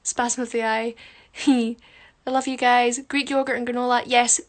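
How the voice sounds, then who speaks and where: High-voiced chatty young woman. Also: flat delivery, moderate pace. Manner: chatty, switches between murmured asides and bright bursts, frequent ums. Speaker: musical theatre performer on a live stream. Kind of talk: casual livestream chat reading comments. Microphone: phone camera close up.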